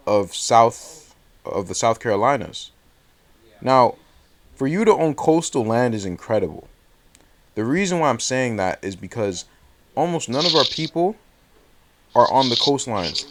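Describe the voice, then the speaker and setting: A man hosting a casual interview, laying out his points thoughtfully and checking that the other man follows. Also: mid-range voice. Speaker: host.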